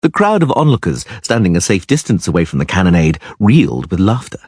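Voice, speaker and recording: Husky man narrating a fantasy audiobook. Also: low-pitched, brisk, no echo, studio quality. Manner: expressive storytelling narration. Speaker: audiobook reader.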